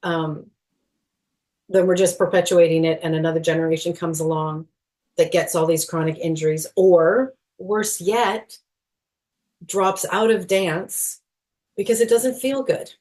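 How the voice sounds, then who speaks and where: A middle-aged woman speaking as a guest in a podcast interview, earnest and animated, with frequent small laughs and fillers. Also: on the low side, measured pace. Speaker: guest, movement educator.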